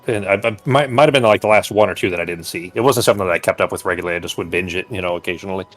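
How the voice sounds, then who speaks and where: A man with a lowish voice chatting casually with friends. He is easygoing, tossing back short agreeing replies and sometimes musing at more length. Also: racing, fairly bright tone, soft background music. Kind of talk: casual chat.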